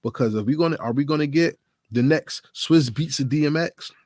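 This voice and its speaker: A man's voice: on the high side, fairly quick, a little mellow, dry recording, studio quality. A man hosting a hip-hop commentary channel, talking casually and emphatically to his viewers, with plenty of rhetorical questions. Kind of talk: casual solo commentary to camera.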